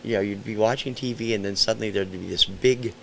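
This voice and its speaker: Deep, gravelly man in his sixties from central Ohio; loose, hesitant first-person storytelling. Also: fairly even intonation, quick pace, fairly bright tone, slight background noise. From central Ohio, USA. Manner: rambling and hesitant, frequent ums and self-corrections. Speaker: storyteller recounting a memory.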